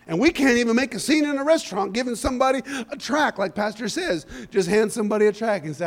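A man preaching a sermon in an animated storytelling style, rising to shouts and calling out "amen?" and "hallelujah" between points. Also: high-pitched, fast, few pauses.

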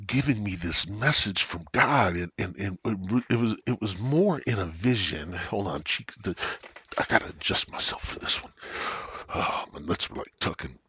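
A man hosting a podcast, telling a profane, meandering comedic story in a husky, stoned drawl. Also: sits low, fairly bright tone, no room sound. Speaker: podcast host. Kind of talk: rambling comedic monologue.

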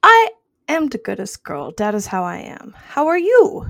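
A woman voicing Maggie, a sweet, eager female cat who speaks in an excited sing-song way. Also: high-pitched, measured pace, creaky, pitched above the performer's own voice, exaggerated voice. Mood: proud.

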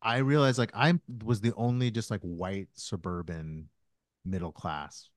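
Rambling low-voiced man telling stories. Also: steady tone, a little slow, no echo, studio quality. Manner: rambling storyteller, many fillers and restarts. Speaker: podcast co-host. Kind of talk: casual chat.

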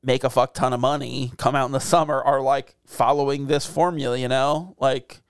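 A man's voice: medium pitch, steady tone, normal speed, smooth, dry recording, studio quality. A man co-hosting a podcast, chatting casually and crudely about movies, rambling and laughing. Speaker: podcast co-host. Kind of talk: casual movie-talk chat.

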